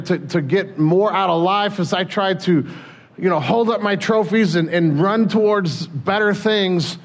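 A male pastor preaching in a relaxed, conversational way, often restarting his sentences. His voice sits a little high for a man. He speaks plainly and jokes at his own expense. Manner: conversational, self-deprecating, frequent restarts. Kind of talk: sermon.

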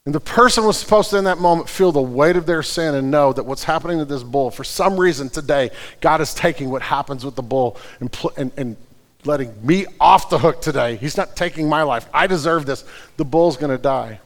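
A man preaching a sermon, earnest, moving between fervent prayer and quiet, careful explanation. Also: fairly high pitch, fairly quick, long reverb tail. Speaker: pastor.

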